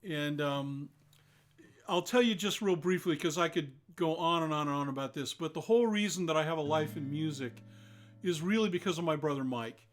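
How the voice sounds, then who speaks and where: A man's voice: fairly high pitch, normal speed. An older man hosting a live online concert, chatting casually between songs and greeting viewers by name. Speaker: singer-songwriter hosting a live stream concert.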